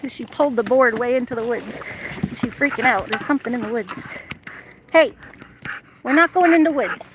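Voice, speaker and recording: Woman, casual outdoor vlogger, high pitch, laughs a lot, tripod camera, heavy outdoor noise. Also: normal speed. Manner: laughs often, calls to her dog. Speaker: vlogger with her dog. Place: outdoors at a lake shore and woods.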